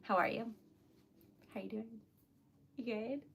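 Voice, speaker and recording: Bright-voiced giggly woman host. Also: a little high, unhurried, creaky, slight background noise. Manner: giggly, chatty, apologetic. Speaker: typewriter shop owner and stream host. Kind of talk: casual livestream chat.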